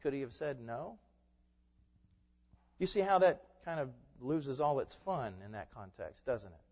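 A male pastor preaching a sermon, moving from quiet, conversational asides to loud, forceful proclamation. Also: mid-range voice, animated, measured pace. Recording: muffled sound with long hall reverb.

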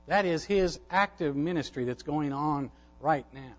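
A man's voice: a little high, unhurried, lo-fi sound. A man preaching a sermon as a pastor, emphatic and repeating phrases for stress.

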